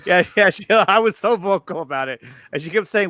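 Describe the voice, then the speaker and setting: Excitable man chatting, high-pitched and dry. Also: dry recording. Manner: excited, repeats words, quick stammering restarts. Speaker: show host. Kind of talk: casual chat about movie news.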